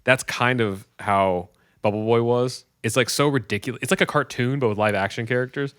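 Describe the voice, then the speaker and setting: Fast-talking man retelling movies. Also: smooth, no echo, clean studio sound. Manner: animated storyteller, acts out movie scenes in loud high voices. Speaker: podcast co-host. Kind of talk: casual chat.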